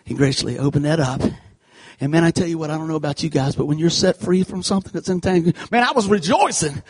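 A man giving an animated sermon, telling a folksy personal story and acting out the scenes. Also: fairly high pitch, fast talker, breathy edge. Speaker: church speaker. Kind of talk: sermon told through a comic personal story.

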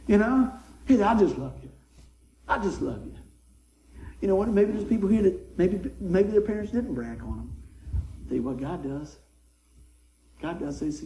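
A middle-aged man preaching a folksy sermon, swinging from soft asides to excited shouts. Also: high-pitched, moderate pace, echoey room, a little hiss or hum, poor audio. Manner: folksy, animated, rises to excited shouts then drops soft. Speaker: pastor. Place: church sanctuary.

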